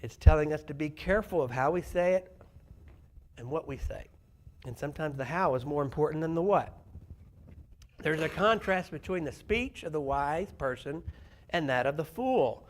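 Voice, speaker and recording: A man's voice: fairly high pitch, lively intonation, normal speed. A man preaching a sermon to a church congregation, conversational and often asking the listeners questions. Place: church sanctuary.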